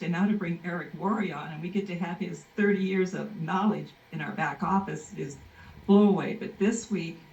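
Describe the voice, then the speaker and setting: A woman's voice: fairly low pitch, dark tone. Middle-aged woman, heartfelt emotional testimonial; distant, roomy, dull recording. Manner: heartfelt, effusive, apologetic. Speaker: guest giving a testimonial. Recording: echoey, distant, dull sound.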